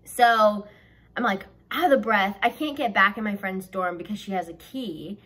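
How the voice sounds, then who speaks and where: A young woman from the American South, telling a story in a chatty, animated way and saying "like" constantly. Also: mid-range voice, moderate pace, husky. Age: young adult. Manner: chatty and animated, heavy use of "like". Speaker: vlogger. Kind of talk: storytime vlog.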